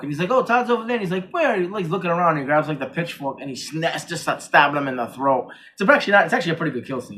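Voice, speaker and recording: Man, casual movie review chat, rambling plot recap, somewhat high-pitched. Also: a bit bright. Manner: rambling, retells scenes with acted-out quotes. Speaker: podcast co-host.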